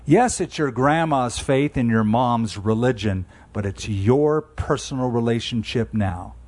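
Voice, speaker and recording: A man in his sixties preaching a sermon in a conversational, emphatic way, slowing down on key phrases. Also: medium pitch, a little mellow. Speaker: pastor.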